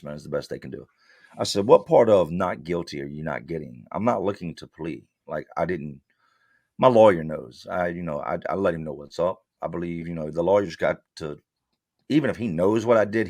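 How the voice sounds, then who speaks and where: Deep-voiced man telling it straight. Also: dry recording, clean studio sound. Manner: blunt, street-slang storytelling that voices his own past exchanges. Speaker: interview guest. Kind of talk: candid storytelling.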